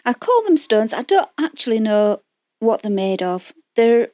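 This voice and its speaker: A woman's voice: on the high side, big pitch swings, measured pace, darkish tone, no room sound, highs cut off. Chatty Yorkshire woman narrating crafts. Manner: rambling, self-deprecating, prone to filler and restarts. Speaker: resin craft channel host. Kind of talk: chatty voice-over of a craft tutorial.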